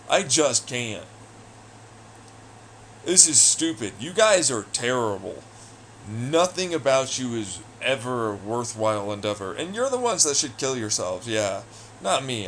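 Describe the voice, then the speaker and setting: A man ranting alone in an audio blog, profane, taunting and hostile, swinging between loud jeers and low muttering. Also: a little hiss or hum. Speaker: audio blogger. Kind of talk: angry solo rant.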